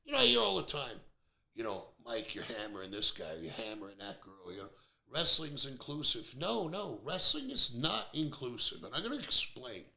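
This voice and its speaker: A man's voice: medium pitch, wildly swooping pitch, normal speed, vocal fry, sharp tone. A man in his fifties hosting a podcast, talking bluntly and airing strong opinions in a casual chat. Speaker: podcast host. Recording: roomy echo.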